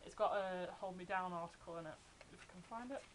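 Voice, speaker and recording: A young adult woman, excitedly telling fan stories in a casual vlog. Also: fairly low pitch, quick pace, background noise. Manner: chatty, excited retelling of fan anecdotes. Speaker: vlogger.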